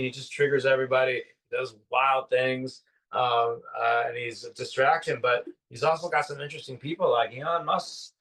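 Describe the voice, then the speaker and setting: Picked up from well back of the mic, a fifties-aged male co-host chats about spiritual topics, wandering eagerly through his points with plenty of fillers. His pitch is medium and slightly bright.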